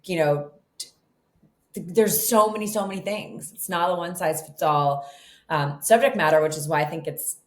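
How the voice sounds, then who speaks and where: A middle-aged woman, a guest author, telling her story in a casual interview, chatty and animated with lots of "like" and "you know". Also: lowish voice, moderate pace. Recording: echoey room.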